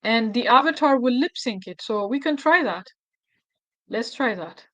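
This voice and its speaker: Speaking at a normal speed with a fairly high, animated, fairly bright voice, this activist tutorial host is an Amharic-speaking woman with an Ethiopian accent. She runs a casual screen recording, musing aloud, making self-deprecating remarks, and flustering easily.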